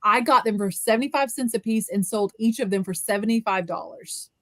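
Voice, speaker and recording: A woman's voice: on the high side, fairly quick, no room sound. A woman hosting a casual chat, reading viewer comments aloud in an upbeat, encouraging way. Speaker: host.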